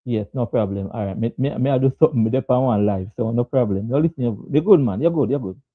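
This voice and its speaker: A man's voice: mid-range voice, fast talker, no echo. Jamaican guy chatting cricket live, keeps laughing, lo-fi dry sound. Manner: laughing often, greeting viewers by name. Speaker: host. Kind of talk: casual live-stream cricket chat.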